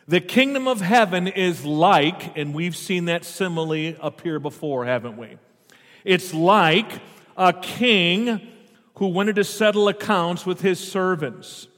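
A pastor preaches a sermon, reading scripture aloud, stopping often to explain it, and posing questions to the congregation. His voice is high-pitched and fairly bright, his pace slow, and the recording carries long hall reverb.

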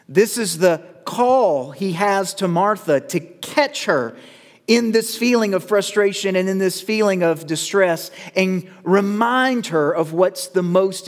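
A male pastor preaching a sermon, measured with dramatic pauses, building to urgent calls. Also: sits high. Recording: long reverb of a church hall.

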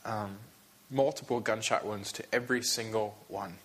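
A man preaching a sermon to his congregation, emotional and halting, often restarting his sentences. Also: fairly low pitch, steady tone, fairly bright tone, slightly rough. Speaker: pastor.

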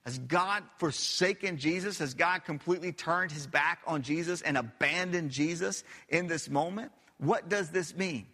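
A man's voice: on the high side, moderate pace, hardly any pauses, pushed and bright, slightly rough, in a large hall. A man preaching a sermon as pastor, emphatic and repetitive, putting questions to his listeners. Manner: emphatic, repeats phrases, asks the audience questions.

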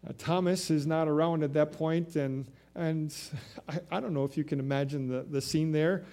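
A man's voice: a little high, fairly even intonation, moderate pace, warm tone. A male pastor preaching a Sunday sermon, retelling scripture in his own words with frequent restarts.

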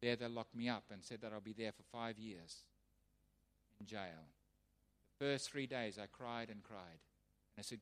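A man preaching as a missionary pastor, telling his testimony as an animated storyteller who acts out the voices of others. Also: medium pitch, moderate pace. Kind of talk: sermon testimony. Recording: long hall reverb.

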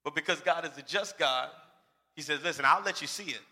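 A man preaching a lively sermon, acting out the voices of bible characters and shouting for emphasis. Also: on the high side, fairly quick. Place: church sanctuary. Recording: reverberant church hall.

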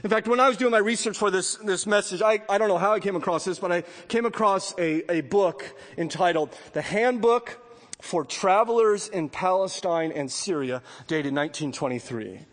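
A pastor preaching a sermon with lively delivery, acting out the voices of people in the story. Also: male voice, sits high, normal speed, in a large hall. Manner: animated preaching, acts out voices of biblical figures.

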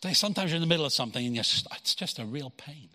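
Male pastor, high-ish bright voice, conversational sermon in a hall with long reverb. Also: expressive, rapid-fire. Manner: conversational preaching, acts out quotes, repeats words. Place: church hall.

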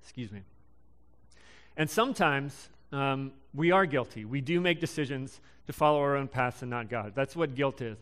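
A young man in his twenties giving a casual sermon, halting and full of ums and restarts. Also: medium pitch, animated, a bit bright. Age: young adult. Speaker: preacher.

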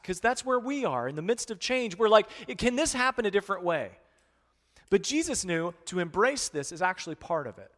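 A man preaching a conversational sermon as pastor, swinging between hushed and loud. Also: sits high, very animated, fairly quick, in a large hall.

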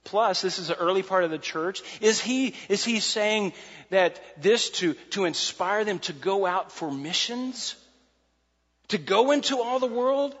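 A man preaching a sermon as pastor, animated and repeating key phrases for emphasis. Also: high voice, unhurried. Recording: muffled sound in a large reverberant hall.

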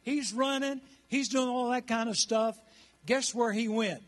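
A man's voice: very high voice, a little slow. A man in his sixties preaching a rousing sermon in church and calling on the congregation to answer back. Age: 60s. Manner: rousing, calls the congregation to respond. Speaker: pastor.

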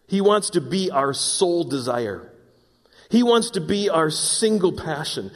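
A man preaching a sermon in an earnest, dramatic way, reading scripture aloud and acting out voices. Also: fairly high pitch. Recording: long hall reverb.

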